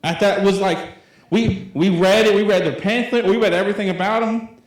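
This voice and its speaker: A man's voice: sits high, steady tone, normal speed. A young youth pastor in his late twenties, preaching a sermon in a loose, conversational way with lots of fillers. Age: 20s. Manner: rambling and conversational, full of fillers. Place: church hall. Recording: very echoey church room.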